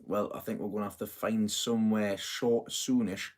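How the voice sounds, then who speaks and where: A man's voice: fairly low pitch, steady tone, normal speed, a little mellow. A middle-aged man hosting a casual live stream, chatting in a rambling way, full of fillers and self-corrections. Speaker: host of a live gardening stream.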